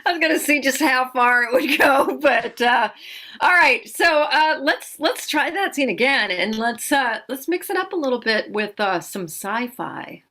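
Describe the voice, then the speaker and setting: A woman hosting an improv comedy show and calling the scenes, giggly and relaxed. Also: high-pitched, measured pace. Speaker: improv game host.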